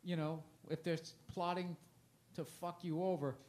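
Rambling comedian with a lightly raised voice. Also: male voice, on the high side, fairly even intonation, unhurried, a little mellow. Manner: long-winded, rambling, swears casually. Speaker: touring stand-up comedian, podcast guest. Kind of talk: casual podcast chat.

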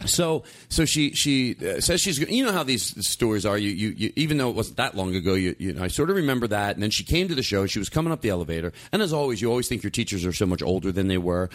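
A man's voice: on the low side, quick pace, hardly any pauses. A man hosting a casual talk show, telling rambling stories with lots of restarts. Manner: animated, rambling with frequent restarts and laughs. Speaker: podcast host. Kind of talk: casual storytelling chat.

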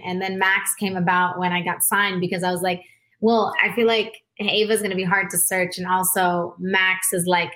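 A woman singer, a guest in a casual interview, telling stories with animated energy, lots of "like" and quick laughs. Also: medium pitch. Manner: animated storyteller, frequent "like", laughs a lot; acts out quoted voices.

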